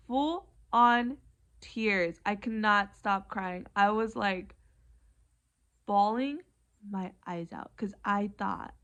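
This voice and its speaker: A woman's voice: on the high side, a bit bright. A young woman earnestly retelling a personal story in a casual vlog, with lots of fillers and rising emotion. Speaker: vlogger.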